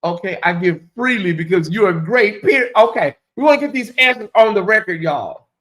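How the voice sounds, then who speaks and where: A man hosts a loose, chatty livestream and reads viewer comments aloud. His voice sits a little high and swings up and down as he talks. He draws out his questions slowly for effect. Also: animated, a bit bright. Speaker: livestream host. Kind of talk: casual livestream chat reading viewer comments.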